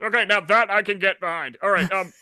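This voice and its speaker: A man's voice: sits high, fast talker, sharp tone, no room sound. A man voicing a bewildered grown male superhero who stammers in polite confusion. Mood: puzzled.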